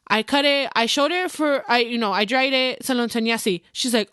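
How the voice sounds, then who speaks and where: A young woman hosting a podcast, chatting casually about her work as a hairstylist, animated and mixing in Spanish phrases. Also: fairly high pitch, fast talker, hardly any pauses, smooth, dry recording, clean studio sound. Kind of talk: casual chat.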